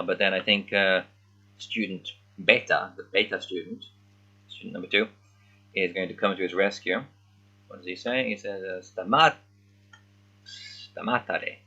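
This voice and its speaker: A man with a lowish, bright, forward voice talks slowly through a read-along. He thinks aloud and sounds out unfamiliar words haltingly. The recording is somewhat dull and lo-fi. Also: fairly even intonation. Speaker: language learner. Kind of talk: casual read-along commentary.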